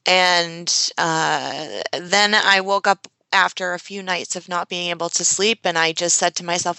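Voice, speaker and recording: A woman's voice: fairly low pitch, fairly even intonation, measured pace, creaky, sharp tone, no echo. A woman guest telling a personal story in an interview, earnest and emotional, with frequent fillers. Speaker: guest, social media strategist.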